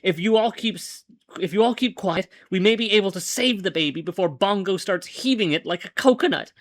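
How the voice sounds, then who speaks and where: An excited male onlooker pleads with a crowd to stay quiet, his voice pushed well above a normal speaking pitch, as a storyteller puts him on. The delivery is hurried and urgent, and the sound is close and dry. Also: dry recording.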